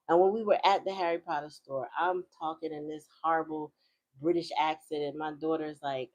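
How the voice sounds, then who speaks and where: A middle-aged woman with a low voice chats casually on her channel. She tells a story in a slangy, easygoing way and laughs often. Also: fairly quick. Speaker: tarot reader and channel host. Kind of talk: casual chat.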